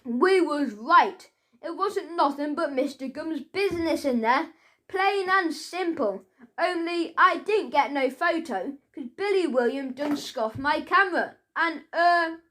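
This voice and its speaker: A woman doing a plucky little storybook girl, high-voiced and eager, pleading with questions. She sounds bright and young. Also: takes it slowly, heavily acted. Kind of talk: storybook character voice.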